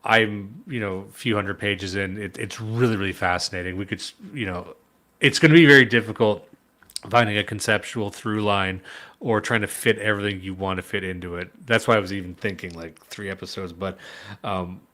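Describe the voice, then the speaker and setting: A man with a fairly low but bright voice, co-hosting a podcast in loose, rambling chat. He swears freely and drifts between topics in an easygoing way. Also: a little fast. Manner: rambling, laughs often, swears. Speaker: podcast co-host. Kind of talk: casual chat.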